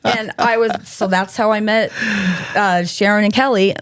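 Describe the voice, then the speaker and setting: A woman's voice: medium pitch, fairly even intonation, normal speed, smooth, no room sound. Lady telling a wild story, acts out quotes, dry sound. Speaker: guest, author. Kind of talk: casual storytelling.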